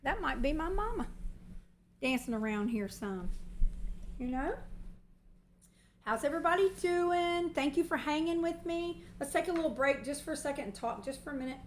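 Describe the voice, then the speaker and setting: High-voiced, chatty Southern woman cooking. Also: expressive, moderate pace, pauses often, roomy sound, slight background noise, rough recording. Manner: chatty and long-winded. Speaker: cooking livestream host. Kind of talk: casual cooking demonstration. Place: home kitchen. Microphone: movable mic near the stove.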